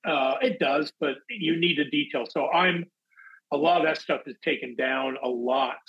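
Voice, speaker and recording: Guy telling showbiz stories, kinda husky, slightly high voice, dull lo-fi sound. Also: moderate pace. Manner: animated storyteller, acts out quotes in big voices. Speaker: actor, interview guest. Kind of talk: casual anecdotal chat.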